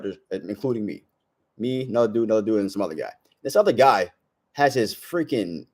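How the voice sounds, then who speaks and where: A young man talks straight to the camera in a brash, slangy vlog monologue. His voice sits a little low, and he leans hard on casual street phrasing while handing out blunt advice. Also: a little mellow. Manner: brash slangy storytelling, says bro a lot. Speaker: self-improvement vlogger.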